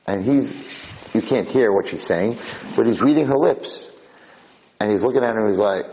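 A man telling a dramatic story in a lecture, animated and acting out the characters' voices. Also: on the low side, moderate pace, a little hiss or hum, rough recording.

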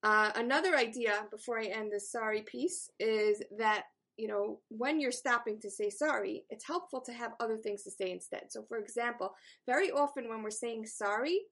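A middle-aged woman teaching a self-help class, earnest and animated, acting out the thoughts she quotes. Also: a little high, normal speed, few pauses. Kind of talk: spoken self-help lesson.

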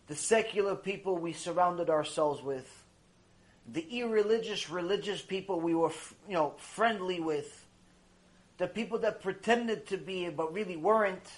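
A man with a fairly high voice delivers a mussar lecture. He exhorts his listeners with passion, sinking to hushed lines and then rising sharply in volume. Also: measured pace. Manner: impassioned, exhorting, big swings between hushed and loud. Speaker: Torah lecturer.

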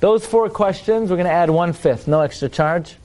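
A man's voice: high voice, normal speed, a little mellow. Wry man teaching a Torah class. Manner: rhetorical questions, wry humorous asides; chants Hebrew verses, then translates. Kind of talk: lecture to a live audience.

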